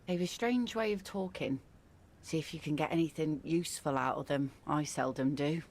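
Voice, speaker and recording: A woman's voice: low-pitched, moderate pace, darkish tone, a little hiss or hum. An actress voicing a weary, stern mother in a game, with dry, matter-of-fact warnings. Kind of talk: game voice acting.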